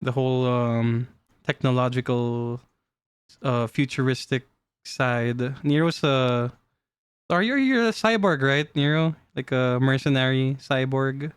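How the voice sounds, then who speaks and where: A man streaming live, chatting casually with his chat while showing cards, playful and quick to laugh. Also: medium pitch, smooth, dry recording. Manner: playful, giggly, talks to chat. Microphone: desk mic.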